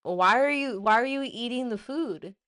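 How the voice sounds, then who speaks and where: A woman hosting a casual opinion show, ranting in an animated, blunt way with plenty of swearing. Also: on the high side, moderate pace. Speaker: host.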